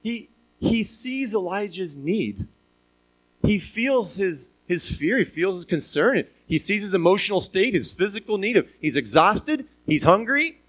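Animated man preaching a sermon. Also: on the high side, low-quality recording. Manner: animated, with rhetorical questions and chuckles.

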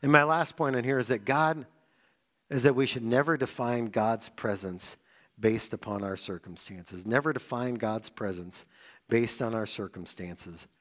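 A young male pastor delivers a sermon in a conversational, storytelling way. His voice sits at an ordinary middle pitch. Now and then he jumps into excited, high-energy outbursts. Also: measured pace. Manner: animated storytelling with sudden excited bursts.

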